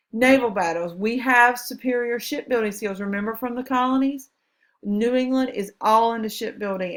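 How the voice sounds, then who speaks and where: A woman's voice: mid-range voice, creaky. A woman teaching history over slides, chatty and enthusiastic, with asides about the pictures. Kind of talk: recorded classroom lecture over slides.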